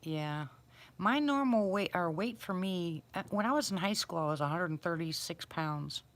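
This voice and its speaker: A middle-aged woman with a low, deep-set voice hosts a casual livestream. She is chatty and addresses her viewers by name in an easygoing tone. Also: expressive, moderate pace. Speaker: livestream host. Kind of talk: casual live chat with viewers.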